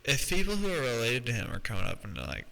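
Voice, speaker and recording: A man's voice: medium pitch, wildly swooping pitch, fast talker, creaky, bright, forceful tone, rough recording. A man hosting a podcast, telling rambling, profane stories and laughing as he goes. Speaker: podcast host. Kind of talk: casual storytelling monologue.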